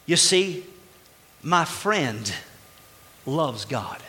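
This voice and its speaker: A man's voice: fairly high pitch, sing-song, drawn-out words, bright, forceful tone. A man preaching a sermon as pastor, speaking emphatically and putting rhetorical questions to the congregation. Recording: long reverb of a large hall.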